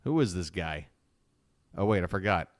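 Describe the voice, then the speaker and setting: A man streaming live baseball play-by-play from his own channel, chatty and rambling, getting excited on big swings. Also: low voice, moderate pace, no room sound, clean studio sound.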